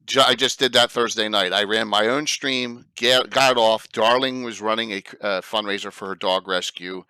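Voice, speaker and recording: A man hosting a casual panel chat on a video stream, talking in a halting way with many fillers. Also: lowish voice, fairly even intonation, pushed and bright, clear, resonant tone, no echo. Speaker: host.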